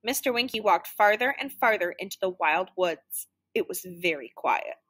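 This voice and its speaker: Woman, storybook read-aloud, bright voice, lively pitch, playful sound effects. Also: moderate pace, husky. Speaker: children's book reader.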